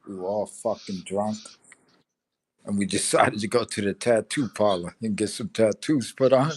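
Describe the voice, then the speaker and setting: A man's voice: on the low side, normal speed, slightly rough. An older man swapping crude, laughing army stories in casual chat, acting out the voices of people in them. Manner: profane, laughing, acts out voices in anecdotes. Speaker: veteran telling stories on a live stream. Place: home.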